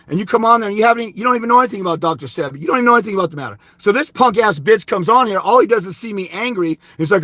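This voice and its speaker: Angry shouting man with a bright voice. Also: high-pitched, expressive, fast talker, hardly any pauses, no echo. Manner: angry, insulting, shouting bursts. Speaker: livestream host answering viewer comments. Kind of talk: angry livestream rant.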